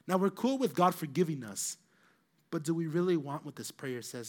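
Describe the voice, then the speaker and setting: A man preaching a sermon, telling the story with lively acted-out voices and swinging between loud and soft. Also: fairly high pitch, normal speed. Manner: animated storytelling, acting out quoted voices, rising loud then dropping soft.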